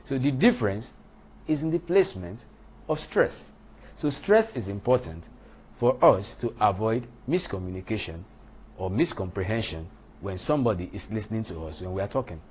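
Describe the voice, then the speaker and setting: Husky guy teaching pronunciation, slow and careful, voice goes up and down a lot. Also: lowish voice, expressive. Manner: deliberate, stresses demonstration words loudly. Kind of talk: lecture on English pronunciation.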